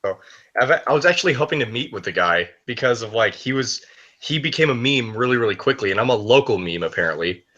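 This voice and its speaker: A man's voice: medium pitch, lively intonation, fast, sharp tone, muffled recording. A young man chatting casually, blunt and profane, rambling with lots of "like" fillers. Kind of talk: casual chat.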